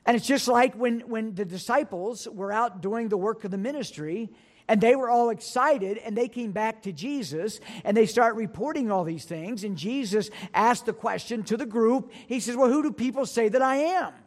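A man with a rather high voice preaches a sermon in earnest. He reads scripture aloud and slows his delivery to press home each point. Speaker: pastor.

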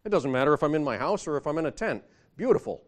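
A man's voice: on the high side, sing-song, fast. Conversational male preacher with rising emphasis. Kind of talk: sermon.

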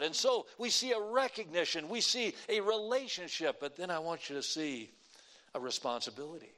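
Male preacher, high-pitched, emphatic sermon delivery, loud and soft swings. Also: expressive, moderate pace.

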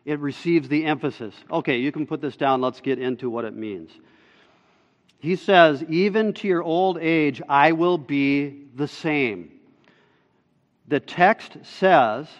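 A male pastor delivering a sermon at an unhurried, measured pace, his voice sitting a touch high. He leans into key phrases with sudden emphatic force. The recording is muffled and carries the long echo of a church sanctuary. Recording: dull sound in a large reverberant hall.

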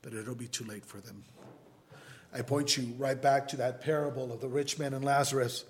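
A man preaching a sermon as pastor, pleading with his listeners and swinging between loud appeals and quiet asides. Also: medium pitch, fairly even intonation, moderate pace, slight background noise. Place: church sanctuary.

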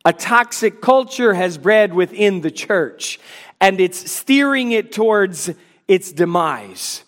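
A man preaching a sermon as pastor, emphatic, acting out scripture scenes in quick dialogue. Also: high voice, expressive, a bit bright, big-room sound.

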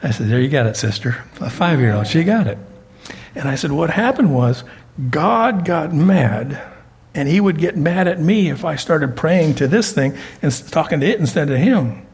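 A man's voice: on the high side, expressive, moderate pace, darkish tone, husky. An older man preaching a sermon as pastor, telling folksy stories and often repeating words as he goes.

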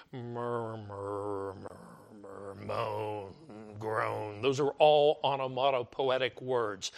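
An older man gives a loose, conversational sermon in a slightly raised pitch. He leans on repetition and slips into mock complaining voices as he makes his point. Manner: conversational, repeats words for emphasis, mimics complaining voices. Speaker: preacher.

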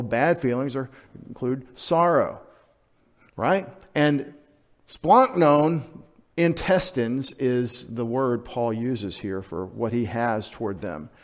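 Male pastor, mid-pitched voice, conversational sermon delivery with emphatic stretches and questions to the congregation. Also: takes it slowly.

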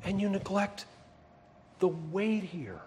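A man preaching a sermon in a church, emphatic and then dropping to quiet asides. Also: high-pitched, lively intonation, takes it slowly, a little hiss or hum. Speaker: pastor.

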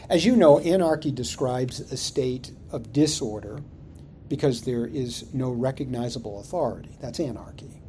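Animated, mellow-voiced male pastor. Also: medium pitch, slight background noise. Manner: expressive, rhetorical, asks questions of the congregation. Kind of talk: sermon.

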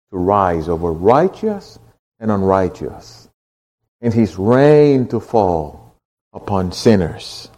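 A man preaching a sermon, swinging from hushed, low lines to loud, impassioned ones. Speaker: pastor.

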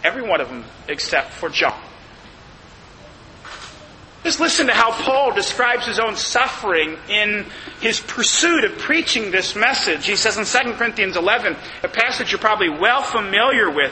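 Emphatic preacher man, high bright voice. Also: sing-song, in a large hall, a little hiss or hum, poor audio. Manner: emphatic, slows down to stress key phrases. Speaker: pastor. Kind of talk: sermon.

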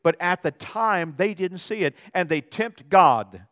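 A male pastor preaching a sermon in a church, animated, swinging between loud dramatic outbursts and quiet asides. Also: high-pitched, a little slow. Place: church sanctuary.

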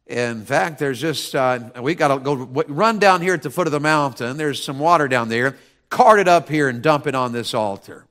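A man's voice: mid-range voice, moderate pace, fairly bright tone, natural voice. A man voicing a blunt, bold male prophet who talks in a folksy, teasing way. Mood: commanding.

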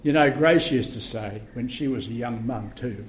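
An older man preaching a sermon, slow and emphatic, with sudden loud bursts when he tells a story. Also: medium pitch, animated, slight background noise.

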